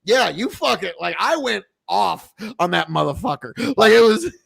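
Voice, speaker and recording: A man's voice: sits high, sing-song, moderate pace, vocal fry, a bit bright, husky, no room sound, clean studio sound. A man from Nebraska hosting a podcast, telling rambling, profanity-laced stories in casual chat. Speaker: podcast host.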